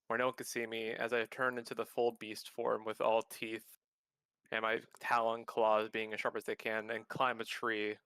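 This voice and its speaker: A man describes his character's moves in a tabletop game, vividly and in detail. His voice is smooth and resonant, recorded dry and close. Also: lowish voice, completely flat delivery, moderate pace, pushed and bright, no room sound. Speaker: player.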